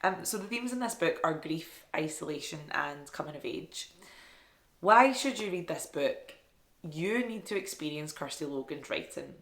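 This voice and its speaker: A woman's voice: low-pitched, expressive, unhurried, fairly bright tone. A woman chatting casually about books she loved, enthusiastic and self-deprecating. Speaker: book reviewer. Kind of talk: casual book review vlog. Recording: echoey room.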